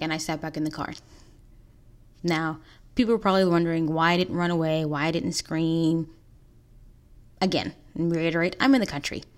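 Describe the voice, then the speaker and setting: Low-voiced woman telling a personal story. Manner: earnest, halting, pauses and restarts. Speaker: podcast host.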